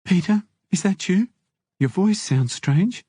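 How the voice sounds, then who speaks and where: A man voicing an anxious young pregnant woman speaking on a prison phone call, with a husky voice. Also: high-pitched, animated, slow, warm tone, no echo, clean studio sound, voice pushed up, full character voice. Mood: worried, tender.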